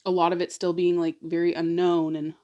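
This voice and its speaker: A woman's voice: fairly low pitch, flat delivery, fairly quick, warm tone, dull audio. A woman vlogger telling a personal story in a casual, rambling way, full of "like" and emotional asides. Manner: rambling, fills talk with "like"; emotional, confiding. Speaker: mukbang vlogger.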